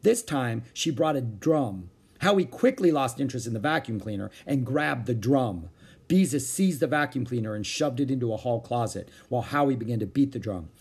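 A man reading a children's book aloud in an expressive storytelling manner. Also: medium pitch, moderate pace, breathy edge.

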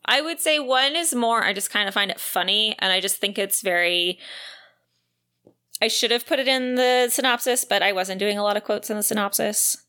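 A woman's voice: medium pitch, moderate pace, bright, forceful tone. A young woman co-hosting a casual book podcast, chatty and full of filler words. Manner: chatty, many "like" and "you know" fillers. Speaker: podcast co-host.

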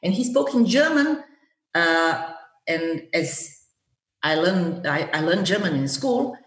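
Older woman telling a story, halting. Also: on the low side, distant mic. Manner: halting, many fillers, lively when recounting anger. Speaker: interviewee, former government negotiator. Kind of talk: storytelling in an interview. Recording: roomy echo.

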